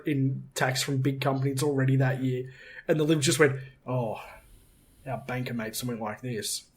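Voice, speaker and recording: A young man in casual podcast chat, excitable and swearing, laughing often between quick asides. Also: on the high side. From Australia. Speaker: podcast co-host.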